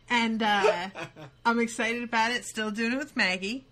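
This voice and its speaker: A woman's voice: on the high side, steady tone, normal speed, heavy background noise. A woman hosting a podcast, talking casually and enthusiastically, with offhand swearing. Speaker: podcast host. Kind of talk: casual chat.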